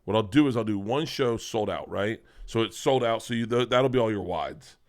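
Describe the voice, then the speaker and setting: A man's voice: lowish voice, moderate pace. A man, a guest comedian, chatting casually on a podcast, rambling and swearing as he lays out plans. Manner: loose, profane, rambling storytelling.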